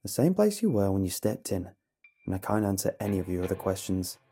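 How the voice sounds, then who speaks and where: A man doing a calm, blank female flight attendant. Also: deep voice, a little fast, slightly rough, heavily acted. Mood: calm, firm.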